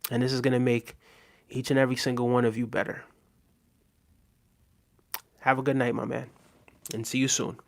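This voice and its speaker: A man talks casually on a livestream, reading viewer comments and answering them in an easygoing way. His voice sits at an ordinary middle pitch, and his sentences loop back with checks like "right?" and "you know". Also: level tone, moderate pace, creaky, pauses often. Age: adult with a daughter. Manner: laid-back, chats to viewers, often tags "right?".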